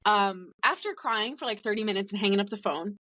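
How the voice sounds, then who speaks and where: A woman's voice: medium pitch, brisk, bright, forceful tone. A woman guest telling her story in a casual, chatty way, full of "like" fillers. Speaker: podcast guest. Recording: dull, dry lo-fi recording.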